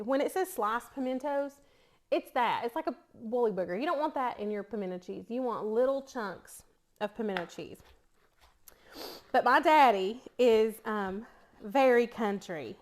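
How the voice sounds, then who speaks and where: A chatty middle-aged woman with a warm East Tennessee accent tells stories while cooking in a casual vlog. Her voice sits a bit high and she laughs easily between thoughts. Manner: chatty storyteller, laughs often. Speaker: cooking vlogger.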